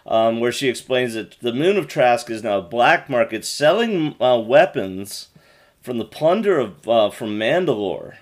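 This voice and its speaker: A man co-hosting a casual podcast, talking at an ordinary middle pitch. He retells scenes with an animated, jokey delivery and drops into quoted lines as he goes. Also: measured pace. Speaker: podcast co-host. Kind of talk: casual recap chat.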